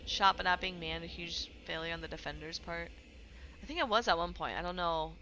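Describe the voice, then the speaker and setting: A woman game streamer giving excited, chatty, slangy live commentary as she watches and plays. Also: fairly low pitch, fairly quick, background noise. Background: background music.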